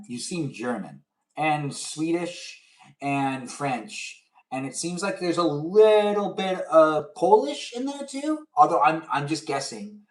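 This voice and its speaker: A young man chatting casually on a live stream as he makes pudding in his kitchen, rambling and answering his viewers' comments out loud. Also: mid-range voice, recorded from a distance. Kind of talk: casual live-stream chat while cooking. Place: home kitchen.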